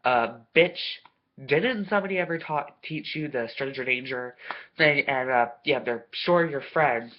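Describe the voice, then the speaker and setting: A vlogger unleashes a foul-mouthed, sarcastic comedic rant straight to camera, swearing nonstop and breaking into loud, indignant bursts of outrage. The voice sits in the middle range and is unhurried, while the recording sounds dull and lo-fi with a muffled top end.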